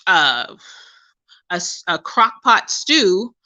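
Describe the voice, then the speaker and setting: A woman's voice: on the low side, big pitch swings, slow pace, pushed and bright, no echo. A woman from Pittsburgh, a podcast host, telling stories in a loose conversational way, full of fillers and asides. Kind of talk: casual storytelling. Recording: dry, dull lo-fi.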